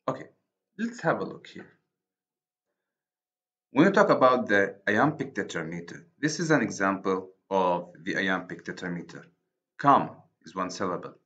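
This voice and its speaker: A man with an Arabic accent, a native Arabic speaker, giving a university literature lecture, deliberate and repeating and rephrasing his points. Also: sits low, bright, forceful tone. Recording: dull lo-fi recording.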